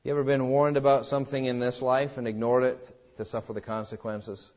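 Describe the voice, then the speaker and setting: A man preaching a sermon in an emphatic way, swinging between loud exhortations and quiet, low passages. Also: little pitch movement, brisk, muffled recording. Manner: emphatic preaching with wide swings in pitch and loudness.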